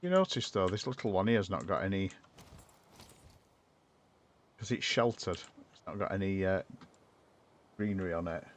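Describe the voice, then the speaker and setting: Chatty low-voiced man. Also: animated, normal speed, long pauses. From northern England. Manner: chatty, rambling, talks to chat while building. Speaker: streamer. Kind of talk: casual gameplay commentary.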